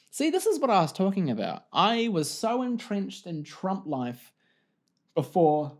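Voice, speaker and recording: A man with a high voice and wildly swooping pitch talks a little slowly. Hosting a casual solo podcast from home, he rambles and pokes fun at himself, speaking into a desk mic while wearing headphones.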